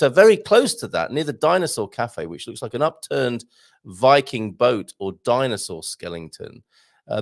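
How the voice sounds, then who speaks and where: A chatty man hosting a casual morning stream, his voice gravelly with a lot of fry. He jokes playfully and swings his pitch up and down as he talks to his viewers. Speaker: morning show host. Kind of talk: casual live-stream chat.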